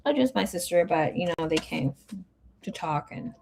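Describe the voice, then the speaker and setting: A woman's voice: lowish voice, animated, moderate pace, gravelly, a little mellow, a little hiss or hum. A woman tarot reader chatting casually on a live stream. She reads viewer comments aloud and drops Spanish words into her English. She sounds emotional and grieving.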